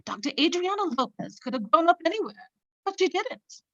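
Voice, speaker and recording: An actress playing a vain, self-absorbed radio show host in a comedic parody monologue, boastful and melodramatic, on a dull lo-fi home recording. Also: female voice, very high-pitched, very animated, a little fast, pushed and bright, dry recording, full character voice. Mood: self-important. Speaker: comic actor.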